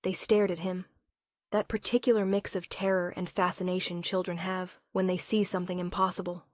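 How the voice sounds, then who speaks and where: A woman's voice: on the low side, little pitch movement, brisk, a little mellow, dry recording, studio quality. Woman narrating a romance story.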